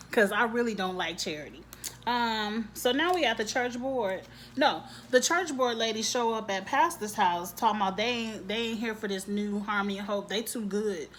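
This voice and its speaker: A woman gives a casual, sassy TV episode recap. She is animated and quick to laugh, at a middle pitch. A faint hiss of noise sits under her voice. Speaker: TV show reviewer.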